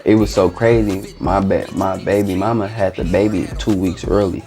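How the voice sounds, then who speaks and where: A man's voice: low voice, steady tone, normal speed, mellow, faint music behind. A man, telling a story in casual slang and acting out the dialogue as a guest. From East Oakland, California. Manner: loose, slangy, re-enacts dialogue. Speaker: interview guest.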